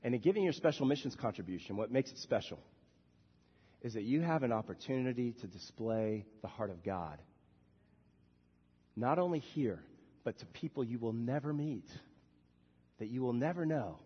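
Male minister, sermon, husky voice, soft then shouting, long church reverb, muffled lo-fi recording. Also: normal speed, long pauses. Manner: swings from soft to shouting with lively pitch. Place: church sanctuary.

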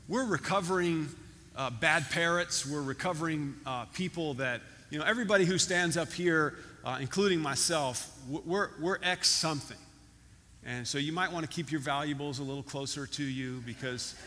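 Pastor guy preaching, kinda high bright voice, chatty and repeats himself, big reverb-y church hall. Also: a little hiss or hum. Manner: conversational, repeats words, many fillers. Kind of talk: sermon with a told joke.

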